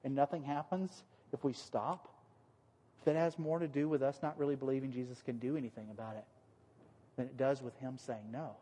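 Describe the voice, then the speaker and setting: A man preaching a sermon in a relaxed, conversational way, acting out the voices he quotes. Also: mid-range voice, a little fast, husky, big-room sound. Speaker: pastor.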